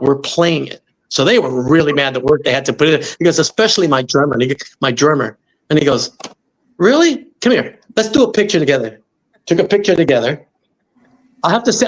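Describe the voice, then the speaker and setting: Middle-aged male storyteller guest, fairly high voice, lively, slips into quoted voices. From Los Angeles. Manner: animated, acts out quoted voices. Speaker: musician guest. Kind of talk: storytelling in interview.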